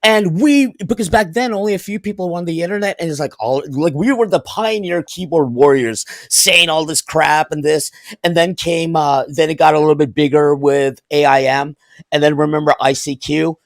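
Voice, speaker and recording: A man's voice: a little high, normal speed, no echo. A man on a live stream video call, rambling and heated, with many stammered restarts. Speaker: stream guest. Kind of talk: heated casual stream chat.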